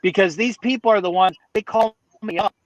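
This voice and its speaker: A man's voice: high voice, a little fast, no room sound, rough recording. A man, a podcast guest, telling a story in a casual, rambling way, often restarting his sentences, speaking from outdoors near a city street.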